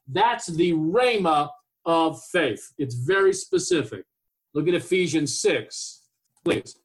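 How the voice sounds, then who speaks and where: A man with a high voice preaching a sermon. He reads scripture aloud in old-fashioned wording and then explains each verse with earnest emphasis. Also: lively intonation, takes it slowly.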